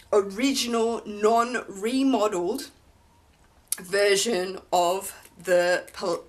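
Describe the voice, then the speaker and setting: Slow, gushing woman unboxing a handbag. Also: medium pitch. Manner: gushing, effusive. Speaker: vlogger.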